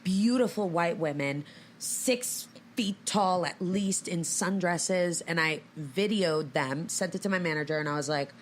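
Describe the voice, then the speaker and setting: Brief: woman guest, lowish voice, lively anecdotes, studio chat. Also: unhurried, a little hiss or hum. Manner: animated storyteller. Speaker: guest actress. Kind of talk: casual interview chat. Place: podcast studio.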